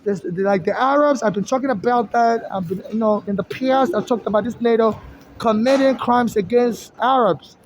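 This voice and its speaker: A man's voice: very high-pitched, normal speed, rough recording. A man talking in a casual monologue, rambling with frequent restarts and fillers. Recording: faint background noise.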